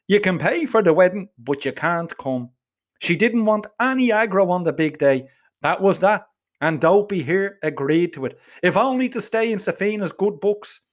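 A middle-aged man narrating a comic tale, gruff and blunt with plenty of swearing. His voice sits high for a man and swings widely up and down as he tells it. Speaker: storyteller.

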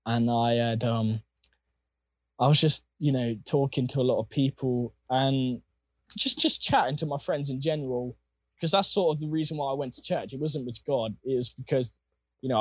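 A young man with a husky voice, telling his personal faith story in an earnest, rambling way with plenty of fillers. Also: mid-range voice, dry recording. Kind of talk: casual personal testimony.

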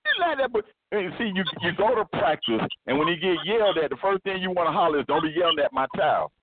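A man hosting a casual sports podcast, ranting loudly and laughing as he makes his points. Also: sits high, fast talker. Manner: loud, animated ranting with laughs. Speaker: podcast host. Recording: tinny phone-like line with noise.

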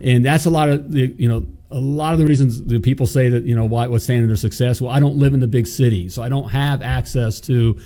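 A man's voice: mid-range voice, steady tone, fast talker, few pauses, dark tone. A man co-hosting a live business chat show, folksy and upbeat, often repeating himself. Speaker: co-host of a plumbing business show. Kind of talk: casual live-stream chat.

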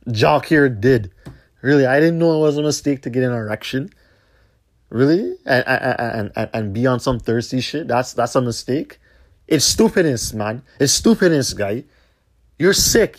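Man, podcast host, heated rant, lots of swearing, mocking rhetorical questions. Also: medium pitch.

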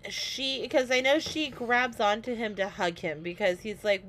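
A woman co-hosting a podcast, chatting casually about a TV episode. She speaks at an unhurried pace and a middle pitch. She often stalls on ums and uhs while she searches for the right word. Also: fairly bright tone. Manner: hesitant, searching for words with many ums and uhs. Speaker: podcast co-host. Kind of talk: casual chat recapping a TV episode.

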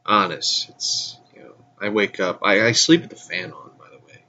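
A man's voice: on the low side, expressive, normal speed, pushed and bright, dull audio, slight background noise. A man hosting a casual solo podcast, groggy from just waking up, with a stuffy nose and a rambling way of talking that trails off. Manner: rambling, laughs often, trails off. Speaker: podcast host.

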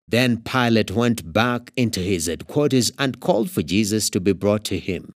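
A man from Kenya with a Kenyan English accent, reading scripture aloud as narrator in a steady, expressive way. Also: on the low side, normal speed, hardly any pauses, dry recording, clean studio sound.

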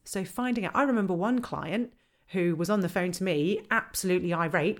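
A woman on a podcast explaining how to handle complaints, lively and acting out the lines customers and staff might say. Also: on the low side, brisk. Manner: animated, acts out quoted dialogue. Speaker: customer service trainer.

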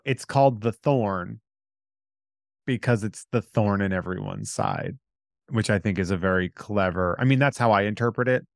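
A man's voice: lowish voice, sing-song, moderate pace, vocal fry, no echo, clean studio sound. A man co-hosting a casual chat about comics, chatty and amused, acting out funny quotes from scenes. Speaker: podcast co-host.

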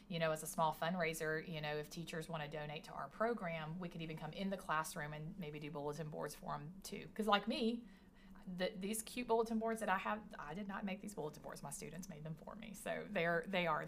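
A woman's voice: low voice, fairly bright tone, a little hiss or hum. A woman teacher talking about her career tech classes in a chatty, enthusiastic podcast conversation. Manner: chatty and enthusiastic, many restarts.

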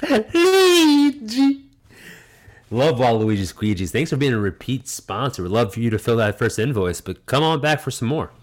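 A man co-hosting a casual comedy podcast, rambling with fillers and chiming in with quick reactions. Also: medium pitch, animated. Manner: rambling, laughs easily, lots of fillers. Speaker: podcast co-host.

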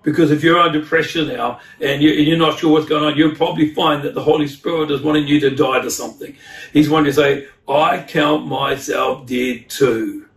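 A male pastor preaching a sermon, fervent, with repeated words and loud climbs. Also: a little high. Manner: fervent, rising to loud exclamations. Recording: echoey hall, mic at a distance.

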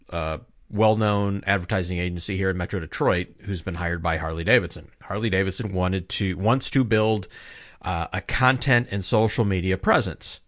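In a relaxed, meandering monologue, this male commentator shares his opinions and keeps revising what he's just said. His voice is fairly low with a touch of brightness, captured at studio quality without room sound.

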